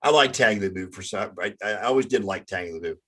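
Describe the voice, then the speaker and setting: A man hosting a casual sports talk show, halting and often stumbling over his words. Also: on the low side, fairly bright tone. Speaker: sports podcast host.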